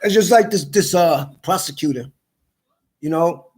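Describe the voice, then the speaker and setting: A middle-aged man ranting in a rambling monologue, swearing often, stammering and repeating himself, swinging between loud outbursts and tired mutters. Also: on the high side, moderate pace, breathy edge. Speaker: vlogger.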